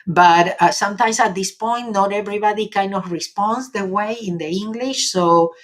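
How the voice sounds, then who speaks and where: A woman's voice: mid-range voice, moderate pace. A middle-aged woman with an Argentinian accent, a native Spanish speaker, giving a chatty live-stream talk as a spiritual teacher and often checking in with "yes?". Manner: chatty, frequent "yes?" tag questions.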